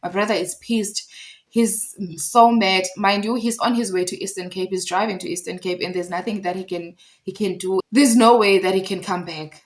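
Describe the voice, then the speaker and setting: The audio is poor as a young South African woman tells a storytime about a conflict, speaking emphatically and with heat and driving her points home through repetition. She's a vlogger with a medium-pitched voice, a steady tone and a moderate pace.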